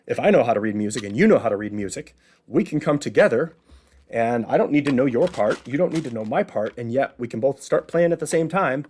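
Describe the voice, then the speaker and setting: A man's voice: medium pitch, darkish tone. Chatty man with a Chicago accent. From Midwest, Illinois. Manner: chatty, asks and answers his own rhetorical questions. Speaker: host. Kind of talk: casual educational monologue.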